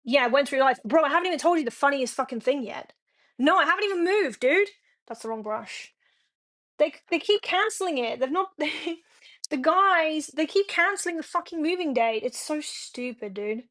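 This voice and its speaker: A woman's voice: sits high, animated, moderate pace, a bit bright. A young woman streaming from home, chatting frankly and swearing a lot as she rambles to her viewers. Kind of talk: casual chat to a live stream audience.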